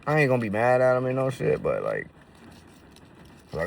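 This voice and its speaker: Man, low creaky voice, profane slangy storyteller, distant mic, faint vehicle hum. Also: huge pitch swings, moderate pace. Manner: profane, slangy street talk with many fillers. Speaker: roofing business owner. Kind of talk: casual storytelling to camera.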